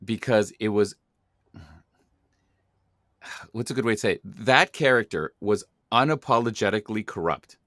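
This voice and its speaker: A man's voice: lowish voice, unhurried, long pauses, fairly bright tone, dry recording, clean studio sound. A man hosting an acting podcast who talks enthusiastically and emphatically. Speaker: podcast host. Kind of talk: podcast interview conversation.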